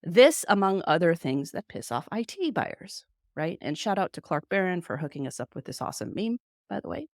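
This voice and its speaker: Low-voiced woman telling a candid story. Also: sing-song, brisk, no echo, clean studio sound. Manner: candid, storytelling, casually blunt. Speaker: marketing agency founder and podcast host. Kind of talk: presentation to marketers.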